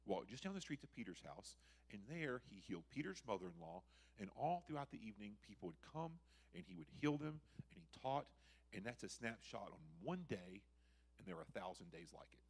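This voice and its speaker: A man preaching a sermon in a church, conversational and animated, acting out quotes from the text. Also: lowish voice, fairly quick, vocal fry, husky. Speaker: guest preacher. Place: church sanctuary.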